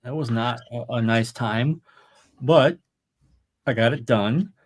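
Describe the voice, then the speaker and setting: A man's voice: mid-range voice, takes it slowly. A middle-aged man talking casually on a live stream, rambling and swearing freely. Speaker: podcast co-host. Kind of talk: casual chat.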